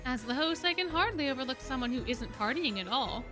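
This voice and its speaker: A woman's voice: sits high, expressive, a little fast, pushed and bright, soft background music. A woman reading game dialogue as a mischievous, ancient male fae who teases with old-fashioned phrasing and giggles. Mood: teasing.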